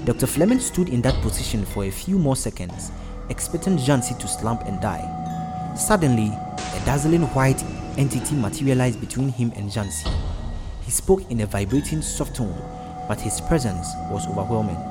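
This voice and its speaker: A man reading a story aloud as narrator, steady and expressive. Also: medium pitch, moderate pace, over music.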